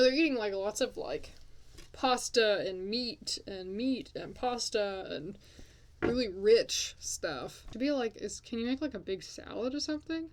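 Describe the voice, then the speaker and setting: A young woman hosting a casual game commentary, chatting and swearing at her characters as she plays. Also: mid-range voice. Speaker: let's play host.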